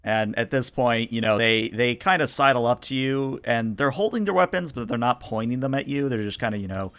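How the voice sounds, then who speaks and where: A man narrating a tabletop role-playing game as game master, in a relaxed, meandering way. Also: mid-range voice, brisk, no room sound.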